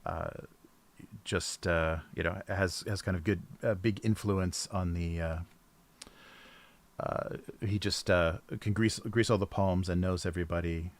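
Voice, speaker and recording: A man co-hosting a casual livestream chat, talking in a halting way with many pauses and fillers. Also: low-pitched, steady tone. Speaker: co-host and game master.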